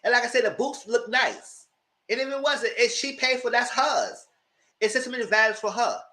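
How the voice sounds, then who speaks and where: A man's voice: very high voice, moderate pace, pushed and bright. A man giving a casual live review of a reality TV show, retelling scenes with exasperation and cursing.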